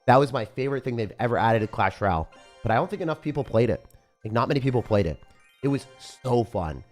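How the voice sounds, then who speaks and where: A man with a rough morning voice giving casual live commentary on a game he is playing, chatting and reading viewer comments aloud. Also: medium pitch, expressive, fast talker, soft background music. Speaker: game streamer.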